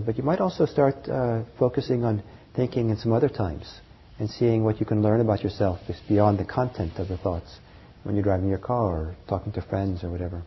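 Husky-voiced man teaching meditation. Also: lowish voice. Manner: gentle, halting, with many fillers and soft laughs. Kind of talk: dharma talk to a class. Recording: muffled lo-fi recording.

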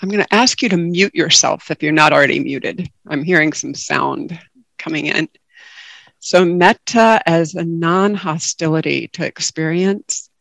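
A woman giving a calm, reflective dharma talk as a guest meditation teacher over a video call. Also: low voice, unhurried, gravelly, no echo.

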